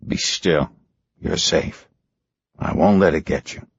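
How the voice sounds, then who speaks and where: A man voicing a big, gentle, soothing man. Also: extremely low pitch, slow pace, vocal fry, slightly rough, pitched below the performer's own voice, heavily acted. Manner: soft and soothing. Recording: muffled lo-fi recording.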